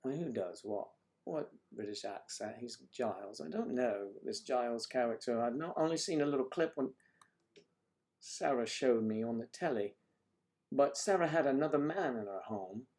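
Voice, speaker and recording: A man's voice: mid-range voice, animated, normal speed, darkish tone. A man hosting a casual livestream chat with viewers, rambling and joking with lots of fillers.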